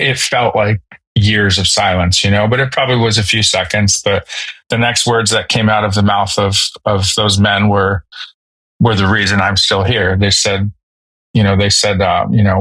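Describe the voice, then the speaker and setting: Man in his thirties, lowish voice, candid halting storyteller, dry close recording. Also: fairly even intonation, bright, forceful tone, breathy edge, dry recording, rough recording. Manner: casual, halting, many fillers and restarts. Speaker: podcast guest, Marine veteran.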